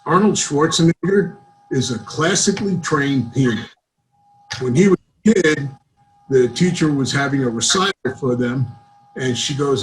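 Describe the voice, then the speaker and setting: A man's voice: fairly high pitch, normal speed, slight background noise, poor audio. A man doing a stand-up set of one-liners over a video call, with dry setup-and-punchline delivery. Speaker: stand-up comedian.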